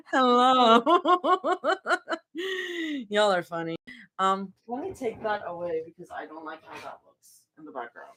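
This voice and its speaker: A woman's voice: mid-range voice, animated, moderate pace, fairly bright tone. A woman reading fanfiction live and chatting with viewers, giggling often and full of casual fillers. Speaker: live-stream fanfiction reader.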